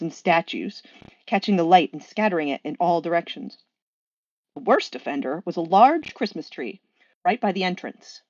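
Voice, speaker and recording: Woman, story reader, animated narration, lowish voice, wide pitch swings, dry dull sound. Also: no echo. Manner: animated, expressive. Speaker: fanfiction reader. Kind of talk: dramatic story reading.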